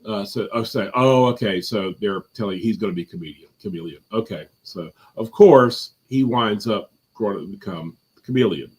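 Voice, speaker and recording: A man's voice: lowish voice, normal speed, hardly any pauses, breathy edge. A man chatting casually as a guest on a live movie review stream from home, rambling with lots of fillers and restarts.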